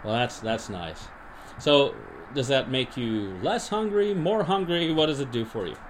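A man hosting a podcast, deadpan and rambling with many restarts, in an improvised comedy monologue and mock interview. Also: medium pitch, a little slow, a little hiss or hum. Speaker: podcast host.

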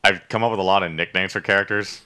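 A low-pitched man gives a rambling, profane recap in loose, playful chat. His tone is bright and forward. He tosses in silly nicknames as he goes. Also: fairly even intonation, quick pace, clear, resonant tone. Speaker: podcast co-host recapping an episode. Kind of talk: casual chat.

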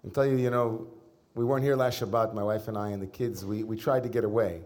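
Storytelling rabbi, relaxed and conversational. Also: male voice, on the low side, fast talker. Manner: conversational storytelling with gentle humor. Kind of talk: sermon.

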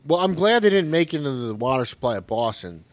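Another medium-pitched co-host talks fast and very animatedly, with no echo on the recording. He keeps the casual chat sarcastic and profane and often breaks into laughter.

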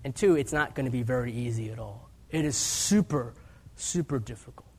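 A man around forty giving a sermon as guest preacher, telling stories with self-deprecating humor and swinging between hushed asides and raised emphasis. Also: medium pitch, normal speed, husky.

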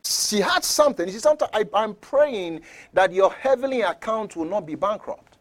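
Animated preacher with a lively voice. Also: male voice, high-pitched, normal speed. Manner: animated storytelling, swings from loud shouts to near-whispers; chuckles between points. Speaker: pastor. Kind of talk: sermon.

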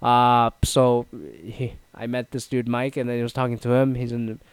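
A man's voice: completely flat delivery, normal speed, clean tone, no echo. A man from Canada casually telling a rambling story, swearing often and restarting his sentences, with many fillers. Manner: mimics others in higher, louder voices.

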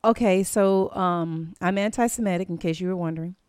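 A woman's voice: on the low side, brisk, a little mellow, smooth, no room sound, clean studio sound. A young woman in a candid interview, blunt and outspoken, swearing freely and laughing often. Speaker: interview guest.

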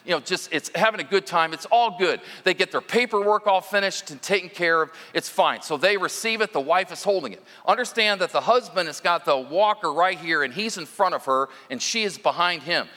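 Bright-voiced male preacher in a reverberant hall. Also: high voice, a little fast, hardly any pauses. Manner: conversational preaching with storytelling. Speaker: lead minister. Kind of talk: sermon.

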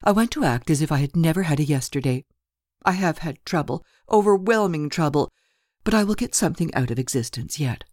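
A woman's voice: sits low, lively intonation, fairly quick, a little mellow, no room sound, studio quality, pitched above the performer's own voice. A woman narrator voicing a distraught, earnest young woman lodger in an audiobook, speaking with emotional intensity. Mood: intense.

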